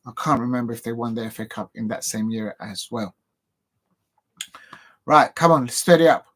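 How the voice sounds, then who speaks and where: A man from England hosts a live football stream at a middle pitch. He rambles casually and pokes fun at himself. He talks straight to his viewers. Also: normal speed. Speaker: football show host.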